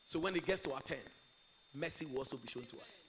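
A man preaching a sermon, impassioned, swinging between loud declarations and quiet asides. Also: medium pitch, fast, poor audio. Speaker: pastor.

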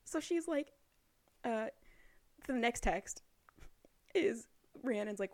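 A woman co-hosting a casual chat, retelling a story with quick quoted lines and frequent laughter. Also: a little high, lively intonation. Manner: chatty, laughs often, acts out lines of characters in passing. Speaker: podcast co-host recapping a book.

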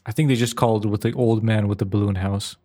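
A man's voice: on the low side, steady tone, fast talker, warm tone. A man co-hosting a casual podcast, earnest and prone to repeating words while he explains things step by step. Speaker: podcast co-host. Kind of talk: casual chat.

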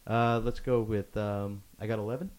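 A man's voice: on the low side, fairly even intonation, normal speed, a little mellow, clean tone. A man in his thirties bantering and teasing on a casual podcast, swearing and laughing easily. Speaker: podcast co-host.

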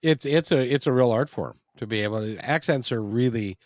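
A man's voice: medium pitch, brisk, dry recording, clean studio sound. A man hosting a podcast, chatting with a guest in an easygoing, teasing way. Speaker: podcast host. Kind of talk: casual interview chat.

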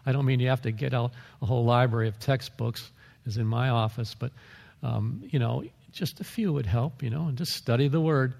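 A man's voice: medium pitch, fairly quick, gravelly, a little mellow, in a large hall. A man pastor preaching a sermon, talking in a conversational way with asides and small chuckles.

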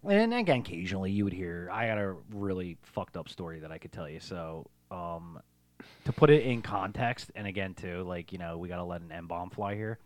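A man's voice: deep voice, lively intonation, brisk, no room sound. A man, a podcast co-host telling a long childhood story in a rambling, profane way. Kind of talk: casual storytelling chat.

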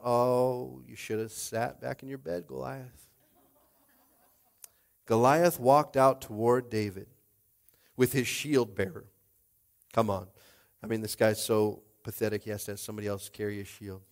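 A man preaching a rousing sermon, swinging from hushed asides to shouted climaxes. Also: mid-range voice, steady tone, unhurried, creaky, pauses often. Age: adult with a young child. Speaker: pastor.

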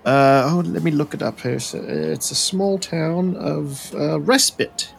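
Timid male archer, stammering, high and gravelly, voiced by a man. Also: unhurried, slight background noise. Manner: stammering, apologetic. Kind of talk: tabletop role-play.

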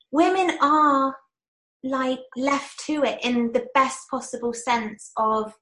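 A woman's voice: high voice, fairly bright tone, reverberant. A woman with a British accent co-hosting a chat, reflecting thoughtfully on what her guest says. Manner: supportive, reflective interviewer. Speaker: podcast co-host. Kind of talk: casual chat.

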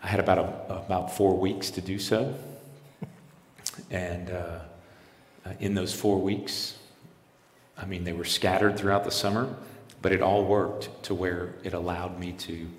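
This earnest interviewee, a missionary pastor in his forties, recounts a personal story, quoting dialogue and frequently starting his sentences over. He speaks unhurriedly in a low, flat voice, and the echoey space gives it a big-room sound.

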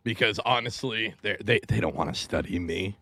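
A man's voice: lowish voice, a little fast, sharp tone, no room sound. A man in his forties from the Pacific Northwest, hosting a casual podcast chat and telling stories with lots of swearing and jokes. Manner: profane, joking storyteller. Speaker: podcast host.

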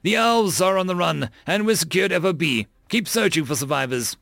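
Man voicing battalion colonel, brisk, commanding, pitched high, gravelly. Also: animated, a bit bright, dry recording, clean studio sound, heavily acted.

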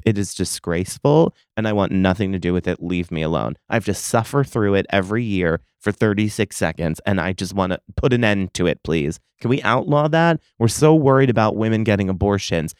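A man's voice: lowish voice, a little mellow, clean tone, no echo, clean studio sound. A man in his thirties hosting a solo podcast, telling stories in casual chat with profane, dramatic complaints. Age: 30s. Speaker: podcast host.

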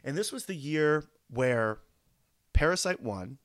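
A man's voice: on the high side, animated, measured pace, dry recording, studio quality. A man co-hosting a movie podcast, telling a story in a chatty, casual way. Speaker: podcast co-host.

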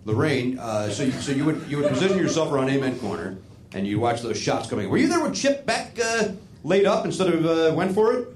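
A man hosting a casual comedy podcast, joking and laughing through quick banter. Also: on the high side, echoey room. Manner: animated, quick to laugh, jokey. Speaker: podcast host.

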